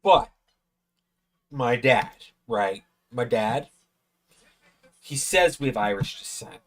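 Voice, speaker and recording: A man's voice: medium pitch, expressive, slow, long pauses. A tipsy man hosting a live watch-along stream, rambling and swearing a lot as he comments. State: tipsy from drinking. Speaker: stream host.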